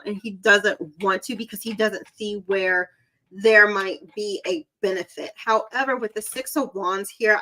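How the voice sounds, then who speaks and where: Bright, giggly Southern woman. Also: mid-range voice, rough recording. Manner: chatty, giggly, self-deprecating. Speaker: psychic reader. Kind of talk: live stream tarot reading.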